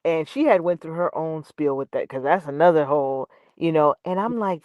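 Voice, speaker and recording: A woman guest telling a story in casual chat, expressive and laughing. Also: sits low, normal speed, few pauses, no echo.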